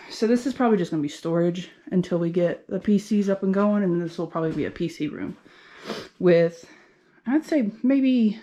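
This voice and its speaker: A woman chats her way through an empty indoor unit, recorded on a handheld phone. Her voice sits at a middle pitch with a soft, mellow tone. She sounds upbeat and talks as she thinks, with a faint hiss behind her. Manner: chatty, upbeat, thinking aloud. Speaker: vlogger and game lounge owner. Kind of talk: casual walking tour.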